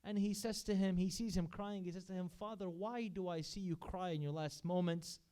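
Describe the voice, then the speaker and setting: High, clear-voiced man preaching. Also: steady tone, normal speed, dark tone. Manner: earnest, recounts stories with quoted speech. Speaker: majlis speaker. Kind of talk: sermon storytelling. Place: religious center hall.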